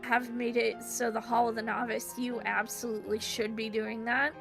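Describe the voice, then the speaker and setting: A woman's voice: on the high side, little pitch movement, moderate pace, gravelly, over music. A woman guest in a casual chat about a video game, giggly and hesitant, with many fillers.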